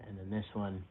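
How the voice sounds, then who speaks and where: A young man streaming live, rambling casually and self-mockingly while reacting to chat comments, often chuckling. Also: lowish voice. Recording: tinny phone-like audio with faint hiss.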